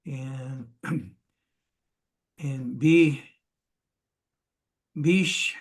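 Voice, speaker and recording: A man practicing reading aloud, hesitantly sounding out words syllable by syllable and often clearing his throat, over a video call. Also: medium pitch, fairly even intonation, extremely slow. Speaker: student. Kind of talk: halting read-aloud practice.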